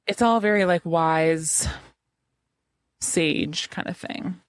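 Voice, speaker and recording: A woman's voice: fairly low pitch, takes it slowly, clean tone. A woman co-hosting a podcast, casually recapping a book with lots of "like" and paraphrasing what the characters say. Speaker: podcast co-host.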